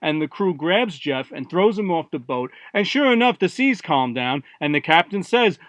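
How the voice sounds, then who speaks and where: Offhand, deadpan man reading his story. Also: a little high, normal speed, few pauses, dry recording. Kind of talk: casual first-person story reading.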